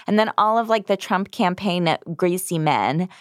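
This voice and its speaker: A woman's voice: on the low side, lively intonation, normal speed, clean tone, no room sound, clean studio sound. A woman co-hosting a podcast in a casual, sarcastic comedic chat, peppered with "like.". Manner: sarcastic, lots of "like". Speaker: podcast co-host.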